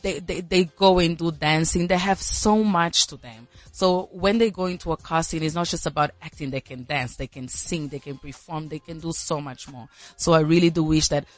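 A woman's voice: deep voice, normal speed, few pauses. A woman with an Angolan accent, an actress guest chatting animatedly in a radio studio. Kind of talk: casual studio chat.

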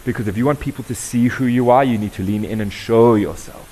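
A South African man facilitating a workshop, talking with an audience in a lively, conversational way and asking them questions. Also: mid-range voice, fast, low-quality recording. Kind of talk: interactive talk to an audience.

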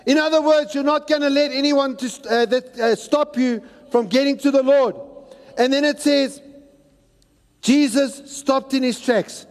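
A man with a very high voice preaching a sermon, and his words ring through a big hall with a long echo. He is animated and sometimes breaks into shouts as he acts out the people in his story. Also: normal speed. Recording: long reverb of a large hall.

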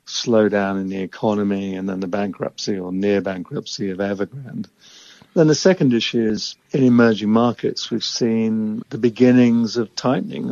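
Gravelly-voiced man, measured analysis. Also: fairly low pitch, darkish tone, no echo, lo-fi sound. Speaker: emerging markets equity investor. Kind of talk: interview answers.

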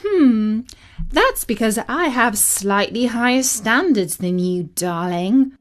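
A woman's voice: a little high, lively intonation, slow pace. A woman voicing a confident, self-assured teenage girl in a storybook who speaks in a smug, dry way.

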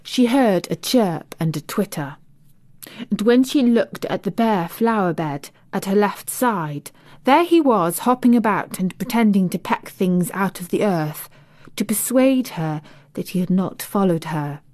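A woman narrates a classic children's story in a soft, gentle voice at a very unhurried pace. Some passages drop to a near-whisper. The sound is close and dry, with no room echo. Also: medium pitch, animated. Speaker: audiobook narrator.

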